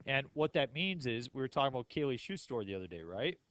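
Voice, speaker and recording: A man's voice: mid-range voice, big pitch swings, fast talker, a bit bright, dry recording, low-quality recording. Casual, joking man teaching math. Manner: casual, joking, asks the class questions. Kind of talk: classroom lecture.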